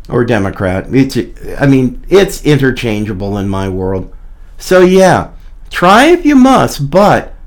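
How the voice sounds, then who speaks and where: Combative man with a lively, swinging pitch. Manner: combative, mocking, blunt. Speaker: podcast host. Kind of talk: opinion commentary monologue.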